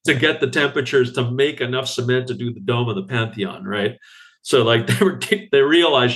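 A man's voice: medium pitch, fairly quick. A man, an architect guest on a podcast, talking casually and acting out quotes from others with bursts of laughter. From Canada. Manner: animated storyteller, acts out quotes with laughs.

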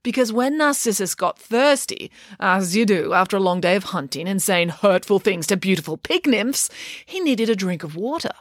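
A woman's voice: mid-range voice, animated, moderate pace, dry recording, studio quality. A woman narrating a storybook in a playful, wry way. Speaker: audiobook narrator.

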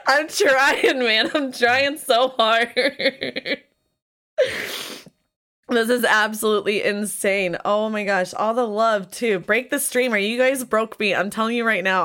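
A woman's voice: mid-range voice, a little slow, fairly bright tone. A woman hosting a live-streamed podcast, tearful and overwhelmed, gushing and laughing between her words. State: tearful, crying. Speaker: podcast host.

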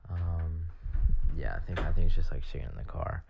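Deep gravelly young man, lo-fi. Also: very noisy. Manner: rambling, filler-heavy, halting restarts. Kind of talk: casual monologue answering questions. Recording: dull lo-fi sound.

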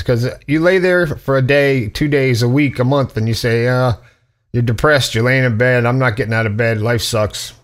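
A middle-aged man sits and talks to himself for a video, giving loose motivational advice. He rambles, repeats his points and chuckles at his own remarks, with blunt, plain words and a voice of middling pitch. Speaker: vlogger. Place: sitting indoors alone.

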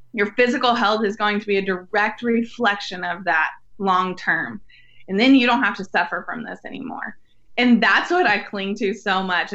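Bright-voiced earnest young woman. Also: mid-range voice, lo-fi sound. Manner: earnest, storytelling, animated with laughs. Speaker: podcast guest, women's ministry leader. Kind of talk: faith-based interview conversation.

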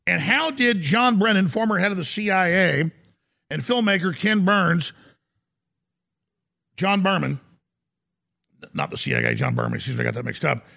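A man with a strikingly gravelly, raspy voice pitched high for a man, hosting a political talk show. He rants heatedly and forcefully in a rapid-fire stream, with a strained, hard-edged tone. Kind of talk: ranting political talk radio.

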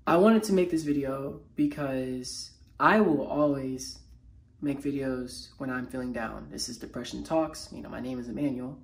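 A man who speaks as a mental health motivational speaker, talking unscripted in a personal vlog while feeling low. His speech is halting, raw and emotional, full of slangy fillers and restarts. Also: creaky.

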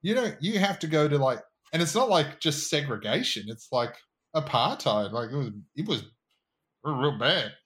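A man's voice: on the high side, lively intonation, normal speed, fairly bright tone. A man co-hosting a casual podcast, ranting in a fired-up way and swearing freely. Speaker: podcast co-host.

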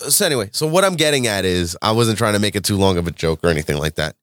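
A man hosting a casual podcast, laid-back and jokey, with a smooth radio-style delivery through a studio mic. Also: lowish voice, animated, very fast, a bit bright, dry recording. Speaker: podcast host. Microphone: studio mic with voice filters.

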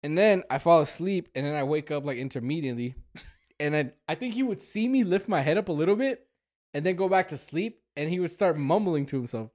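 A young man telling a story on a casual podcast, animated and profane, often laughing. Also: fairly high pitch, brisk. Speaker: podcast co-host.

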